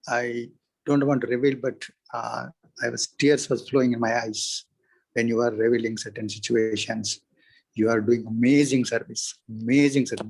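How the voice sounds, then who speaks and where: A man speaking on a video call, emotional and near tears, halting and grateful. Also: mid-range voice, darkish tone, husky, rough recording. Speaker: devotee caller.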